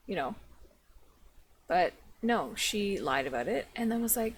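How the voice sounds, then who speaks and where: Woman, reaction commentator, blunt and sarcastic, raspy fry, higher voice. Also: expressive, normal speed, slight background noise. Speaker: commentary YouTuber.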